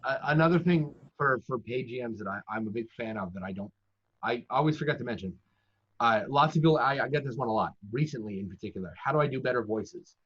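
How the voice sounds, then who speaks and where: A man's voice: medium pitch, lively intonation, quick pace, fairly bright tone, husky. A man who works as a professional dungeon master, giving casual, chatty, self-deprecating advice in conversation. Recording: dull lo-fi audio.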